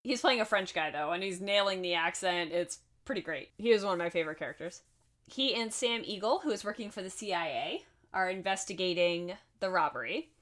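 A woman's voice: lowish voice, animated, fairly quick, fairly bright tone. Chatty woman co-hosting a film recap. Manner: chatty and laughing, with asides. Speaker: podcast co-host. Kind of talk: casual chat recapping a film.

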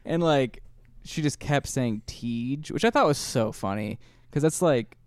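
A young man co-hosting a podcast, chatty and quick to laugh, drifting into side stories. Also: medium pitch, animated, clear, resonant tone, no room sound, studio quality. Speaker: podcast co-host. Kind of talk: casual comedic chat.

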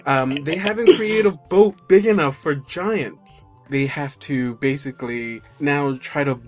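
A man's voice: fairly high pitch, measured pace. Guy making up a story with friends, rambly, faint music behind. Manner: rambling, many uh fillers. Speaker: storyteller in a group story game. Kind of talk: casual improvised storytelling.

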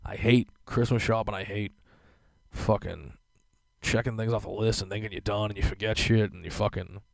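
A man's voice: on the low side, fairly even intonation, moderate pace, gravelly, no echo. Profane, rambling young man, dry close sound. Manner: profane, rambling, laughs often. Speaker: podcast host. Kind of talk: casual solo podcast rant.

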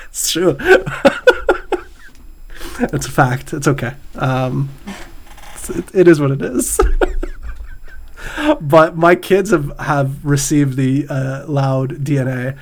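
With long pauses and a slow, steady delivery, a middle-aged man hosts a casual podcast in a mid-range voice. He reads would-you-rather questions and laughs a lot.

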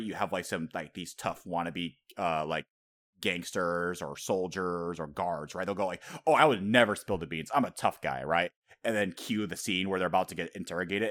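A man hosting a casual podcast chat, profane and laughing often, acting out quotes as he talks. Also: sits low. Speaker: podcast host.

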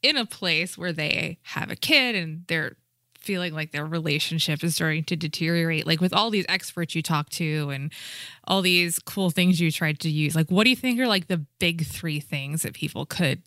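A woman hosting a casual interview, asking questions in a quick, giggly, chatty way. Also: deep voice, a bit bright, no room sound, clean studio sound. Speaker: podcast host.

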